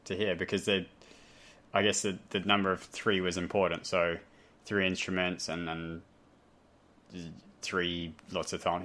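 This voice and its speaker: A man's voice: low voice, fairly bright tone. A man with a light Australian accent hosting a podcast, chatting casually and rambling off on self-deprecating tangents. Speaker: podcast host. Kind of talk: casual chat. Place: home, talking over a voice call.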